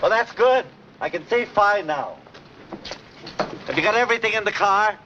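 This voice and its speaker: A man's voice: mid-range voice, expressive, fairly quick, close to an everyday voice. An actor playing a polite, fussy neighbor man in a 1940s film. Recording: dull old film soundtrack with loud hiss.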